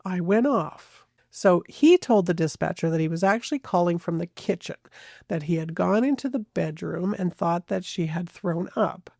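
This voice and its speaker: Gravelly, conversational true crime narrator. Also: medium pitch, moderate pace, warm tone, no room sound, clean studio sound. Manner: conversational, hedging, frequent restarts. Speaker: true crime podcast host.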